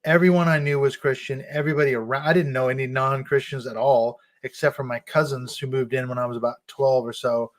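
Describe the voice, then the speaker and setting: A middle-aged man, a guest author, talking casually and telling animated stories about his upbringing, laughing now and then. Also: mid-range voice, brisk, few pauses. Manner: animated storytelling with frequent laughs. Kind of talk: casual conversation.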